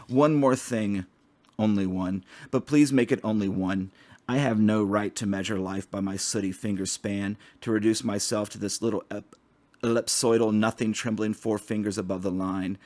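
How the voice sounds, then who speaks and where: Low-voiced man reading poetry aloud. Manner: slow, measured recitation with restarts on hard words. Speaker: poetry reader.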